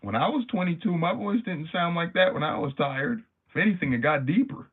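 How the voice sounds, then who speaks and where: A man hosting a livestream, telling a story in an animated, slangy, casual way. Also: fairly high pitch, fairly quick, few pauses, slightly rough. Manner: animated, slangy, many fillers. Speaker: livestream host. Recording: tinny phone-like sound.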